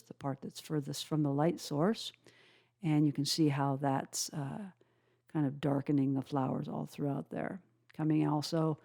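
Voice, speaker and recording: A woman with a low, mellow voice talks through a watercolor tutorial at an unhurried pace. She explains each brushstroke step by step and often pauses with "uh" while she works. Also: vocal fry. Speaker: watercolor instructor. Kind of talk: calm painting tutorial narration.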